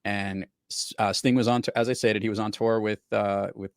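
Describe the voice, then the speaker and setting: A man's voice: on the low side, little pitch movement, normal speed, smooth, dry recording, clean studio sound. A middle-aged man hosting a podcast, chatting casually and telling stories. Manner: chatty, storytelling. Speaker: podcast host. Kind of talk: casual chat.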